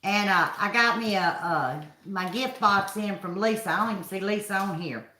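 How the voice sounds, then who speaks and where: Folksy woman chatting on a live stream, bright voice, echoey room. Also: medium pitch, normal speed. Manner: chatty, folksy, greets viewers by name. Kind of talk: casual live chat. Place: home.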